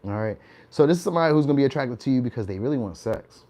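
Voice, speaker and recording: A man's voice: medium pitch, expressive, very fast, warm tone. Chatty man giving a tarot reading. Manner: chatty, laughs often, tags lines with "all right?". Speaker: tarot reader.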